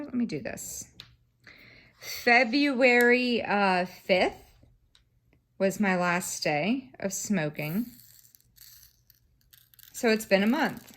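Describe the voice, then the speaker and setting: A woman's voice: mid-range voice, lively intonation, slow, pauses often. A woman, chatting casually to a camera on a stand while she crafts, rambling and swearing freely. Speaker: craft vlogger.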